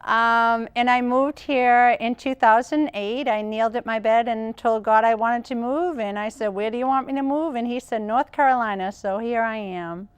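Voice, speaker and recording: Boston lady on a talk show, smooth clear voice, kinda high, earnest. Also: fairly even intonation, normal speed, hardly any pauses. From Boston, Massachusetts. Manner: earnest, emphatic, faith-filled storytelling. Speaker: guest, evangelist. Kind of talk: casual interview chat.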